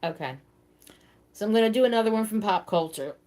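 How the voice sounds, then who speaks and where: A woman hosting a casual live stream, chatting with viewers by name and thinking out loud. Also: medium pitch, animated, fairly quick. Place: seated at home in a wheelchair.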